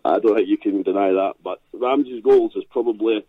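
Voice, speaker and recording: A man's voice: fairly low pitch, brisk, breathy edge, no room sound. A man calling into a football show, talking casually and hesitantly about goals. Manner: hesitant, restarts. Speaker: caller. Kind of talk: casual phone-in chat. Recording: tinny phone line.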